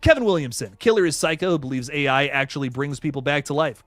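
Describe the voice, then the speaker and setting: A man's voice: on the high side, fast talker, few pauses, fairly bright tone, no echo. A man hosting a livestream, reading chat comments aloud and rambling casually with lots of laughs. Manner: rambling, laughs a lot, frequent restarts. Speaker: YouTube host reading live chat.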